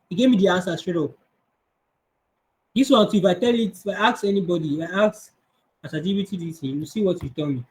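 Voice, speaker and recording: A man's voice: high voice, darkish tone, poor audio. Man teaching an online coding class. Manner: conversational, answers questions, restarts often. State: strained voice. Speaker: coding instructor.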